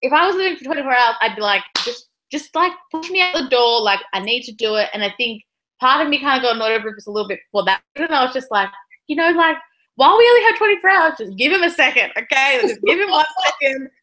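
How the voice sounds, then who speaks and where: Woman, fairly high voice, teary, rambling casual book chat, video call. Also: expressive, fast talker, sharp tone, low-quality recording. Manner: emotional, tearful, rambling with many likes. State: close to tears. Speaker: book club co-host.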